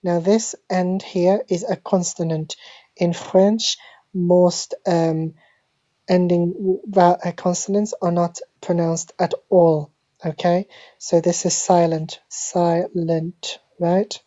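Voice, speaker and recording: A woman giving a deadpan parody language lesson, speaking slowly and deliberately and repeating each word like a teacher. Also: on the low side, no echo. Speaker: mock French teacher. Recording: dull lo-fi phone screen recording.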